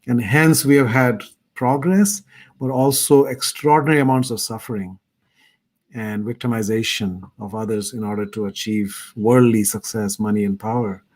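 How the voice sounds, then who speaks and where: A man's voice: lowish voice, normal speed, darkish tone. Earnest middle-aged man. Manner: earnest, thoughtful. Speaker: guest speaker. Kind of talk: reflective personal storytelling talk. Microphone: video call.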